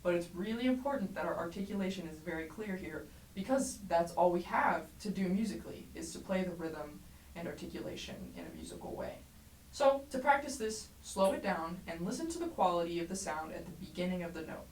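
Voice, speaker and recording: A woman teaching a trumpet lesson, explaining clearly and encouragingly, sometimes singing rhythms aloud. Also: fairly low pitch, lively intonation, a little fast, darkish tone. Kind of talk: music lesson tutorial. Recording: roomy echo, mic at a distance, faint background noise.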